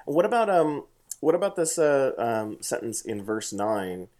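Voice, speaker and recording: A man's voice: mid-range voice, big pitch swings, measured pace, a little mellow. A man leading a casual bible study conversation, hesitant with many fillers and restarts, reading scripture aloud. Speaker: bible study discussion leader.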